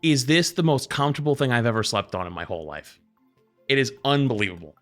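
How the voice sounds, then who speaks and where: A man streaming live, chatting casually with his viewers and telling stories in an animated way, jumping into other people's voices. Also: mid-range voice, fast, faint music behind.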